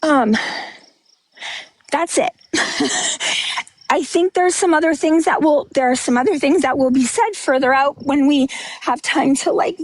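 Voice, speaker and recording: A woman's voice: high-pitched, normal speed, dry recording. A woman talking bluntly and emotionally on a livestream, rambling and restarting, a bit out of breath. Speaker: livestream host. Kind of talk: candid livestream monologue.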